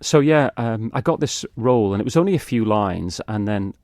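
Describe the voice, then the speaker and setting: A middle-aged man with a lowish voice tells stories about his acting work in a relaxed radio chat. He pokes fun at himself as he goes. The studio sound is dry and close. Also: moderate pace, no echo. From Isle of Man. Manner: chatty anecdotal storyteller, self-mocking with frequent laughs. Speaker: actor guest. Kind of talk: casual radio interview.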